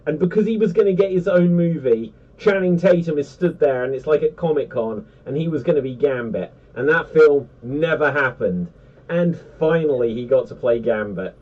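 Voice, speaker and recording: Casting note: animated, rambling man on a geek panel, slightly high voice, dull and distant recording. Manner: rambling, animated, many fillers. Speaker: panelist on a geek pop-culture show. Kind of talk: casual chat.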